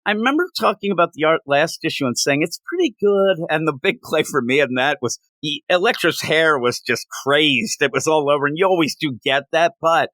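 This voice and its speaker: A man's voice: on the high side, brisk, few pauses, no room sound. A man co-hosting a comic book review show, talking casually and rambling with frequent restarts. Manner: rambling, animated, with many restarts.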